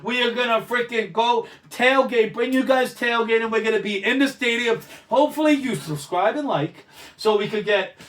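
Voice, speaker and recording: A man co-hosting a sports talk show, arguing loudly and insistently, often swearing. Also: very high voice, normal speed, far from the mic. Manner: argumentative, loud, interrupting, swears. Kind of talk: heated sports debate.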